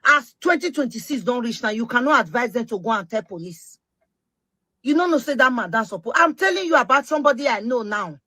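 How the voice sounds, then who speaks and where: Forceful and insistent, a middle-aged Nigerian Pidgin English speaker addresses her online followers in a fervent monologue, circling back to the same points. Her voice is a little high with lively intonation and a fairly quick pace, recorded without echo.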